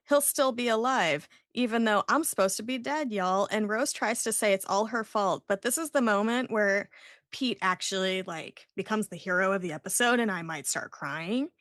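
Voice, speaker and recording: Lively woman recapping on a podcast. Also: mid-range voice, no echo, clean studio sound. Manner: animated retelling, acts out character lines. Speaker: podcast host recapping an episode.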